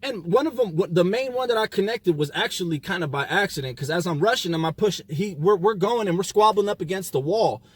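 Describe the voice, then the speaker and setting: A man casually telling a personal story in street slang, with lively, profane delivery that acts out the dialogue. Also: high-pitched, brisk, hardly any pauses, breathy edge, dry recording.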